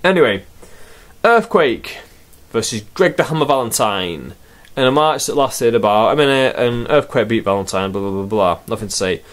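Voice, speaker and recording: A man's voice: medium pitch, lively intonation, normal speed. A man talks through an old wrestling event in a loose, rambling way. He is sarcastic and swears freely as he goes. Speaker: wrestling reviewer. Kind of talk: casual spoken review.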